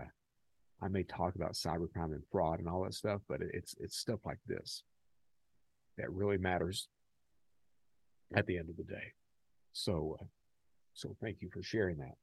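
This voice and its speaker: Low-voiced American man telling stories. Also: vocal fry, slightly rough, dry recording. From United States. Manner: rambling, candid, many fillers; animated when telling stories. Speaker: podcast host. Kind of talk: casual podcast storytelling.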